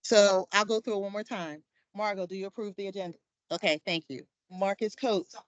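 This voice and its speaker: A woman's voice: medium pitch, fairly even intonation, a little fast, no room sound. A woman chairing a commission meeting, calling roll in an informal, upbeat way with plenty of fillers. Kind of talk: running a meeting roll call.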